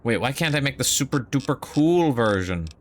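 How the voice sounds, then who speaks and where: A man's voice: medium pitch, big pitch swings, normal speed, slight background noise. A young man streaming a game live, talking in a casual, rambling and profane way.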